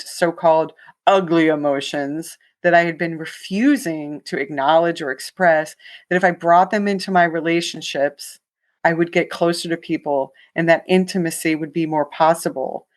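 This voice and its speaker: A woman guest with a lowish voice speaks frankly and openly in a radio interview. She tells her story with animation and drops into quoted dialogue as she goes. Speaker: author guest.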